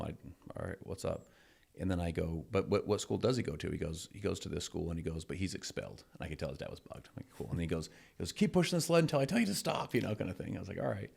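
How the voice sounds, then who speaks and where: A middle-aged man hosting a podcast, chatting casually and telling stories with lively acted-out quotes. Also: low-pitched, fast talker, vocal fry, breathy edge. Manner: energetic, acts out quoted voices in anecdotes. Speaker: podcast host. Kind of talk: casual chat, storytelling.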